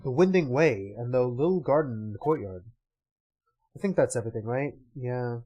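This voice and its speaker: A man's voice: medium pitch, expressive, moderate pace, dark tone, muffled recording. A man casually reading game dialogue aloud with wry asides while playing. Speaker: let's-player.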